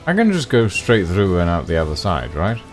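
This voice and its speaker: Wry, halting game streamer man. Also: low voice, wildly swooping pitch, faint music behind. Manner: hesitant, restarting, wry. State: has the hiccups. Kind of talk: casual let's-play chat.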